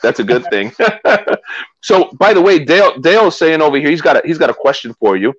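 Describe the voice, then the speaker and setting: A man co-hosting a casual live stream, chatty and quick to laugh, talking into a phone. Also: fairly high pitch, expressive, breathy edge, highs cut off. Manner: chatty, laughs often, restarts a lot. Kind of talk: casual chat. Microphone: phone used as camera.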